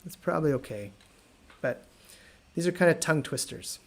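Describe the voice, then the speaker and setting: An American man teaching an online English lesson, repeating words slowly and joking with viewers. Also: fairly high pitch, lively intonation, vocal fry, slightly rough. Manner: slow careful repetition of words, friendly and joking.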